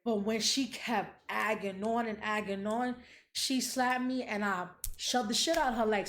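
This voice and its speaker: A woman's voice: fairly high pitch, fairly even intonation, normal speed. A young adult woman hosting a podcast, talking candidly and emotionally, blunt and profane. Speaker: podcast host. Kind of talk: candid casual chat.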